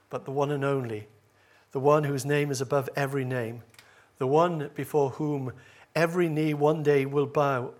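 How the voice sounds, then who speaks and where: With a mid-range voice, a man gives an earnest church sermon. Key phrases build in loudness, and he slips in gentle asides and brief hesitations.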